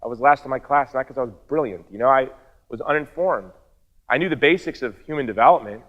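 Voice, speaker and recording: A man's voice: medium pitch, quick pace, in a large hall, phone-quality sound. A middle-aged man giving an earnest personal testimony to an audience, mixing wry asides into his story. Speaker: speaker.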